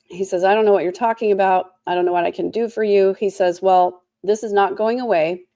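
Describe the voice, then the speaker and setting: A woman's voice: medium pitch, steady tone, a little fast, mellow, no room sound, clean studio sound. A tired woman with a sore throat hosting a casual trial recap, full of snarky, sarcastic asides. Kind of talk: casual commentary.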